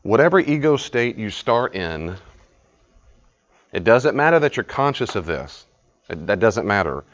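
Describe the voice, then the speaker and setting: A man with a lowish voice leads a live study session, talking through the ideas in a loose, conversational way. He repeats himself and keeps asking the group questions. The recording sounds dull and lo-fi. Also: sing-song, measured pace.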